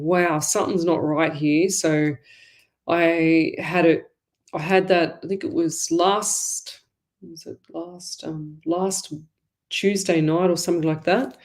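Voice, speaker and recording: A woman's voice: low voice, darkish tone. A woman hosts a live psychic medium show from her home. She rambles in a chatty, informal way, full of fillers and little asides.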